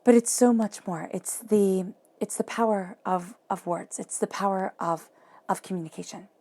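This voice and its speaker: Gravelly-voiced woman giving a tarot reading. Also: mid-range voice, moderate pace. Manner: soft, reflective, repeats phrases for emphasis. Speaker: tarot reader.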